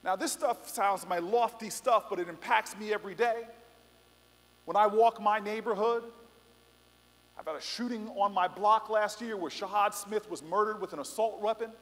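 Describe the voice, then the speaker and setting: A man's voice: high voice, moderate pace, a bit bright. A middle-aged man giving a passionate, rousing speech at a student rally, mixing stories with emphatic appeals. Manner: passionate, building to emphatic peaks, storytelling asides. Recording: echoey hall reverb.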